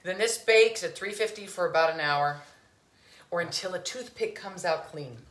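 A woman's voice: fairly low pitch, normal speed, roomy sound. A woman hosting a home cooking show, chatting casually and gushing, calling her viewers sweetheart and lovies. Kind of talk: casual cooking demo chat. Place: home kitchen.

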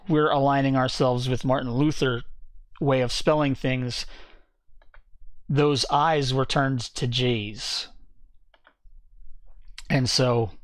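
A man's voice: mid-range voice, dry recording. A man teaching a Bible study in a conversational, explanatory way, often correcting himself as he goes.

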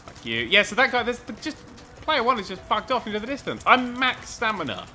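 Brief: male let's-player, animated delivery, slightly high voice, out of breath and cursing at rivals. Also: a little fast, soft background music. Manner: excitable, sweary, rambling and self-mocking. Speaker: gaming commentator. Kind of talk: let's play commentary.

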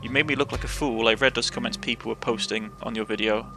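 A man with a Cornish accent voicing a gruff, stubborn old male farmer who speaks in a scolding way. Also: medium pitch, steady tone, fast talker, over music, lightly acted. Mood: aggrieved.

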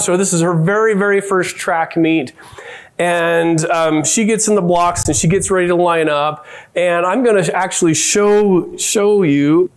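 A middle-aged man giving a conference keynote, telling family stories with lively quoted voices. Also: sits high, a little slow, smooth. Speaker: keynote speaker. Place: conference hall.

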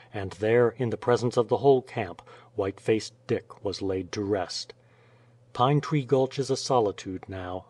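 A man reading an adventure story aloud as an audiobook narrator, in a steady storytelling manner. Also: fairly low pitch. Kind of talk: scripted narration.

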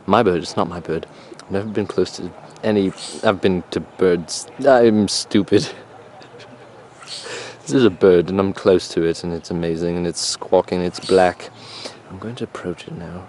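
Low-voiced man doing a mock nature documentary. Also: fairly even intonation, moderate pace, a little mellow. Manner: mock-serious, crude and rambling. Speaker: narrator and camera operator. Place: outdoors in a neighborhood. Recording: outdoor camcorder audio with clear background noise.

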